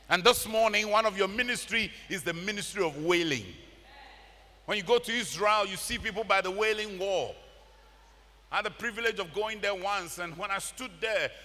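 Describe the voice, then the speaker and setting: Brief: Ghanaian male pastor, high and bright voice, lively preaching in an echoey church hall. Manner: animated preaching mixing English and Twi, laughs and shouts. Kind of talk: sermon. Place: large church.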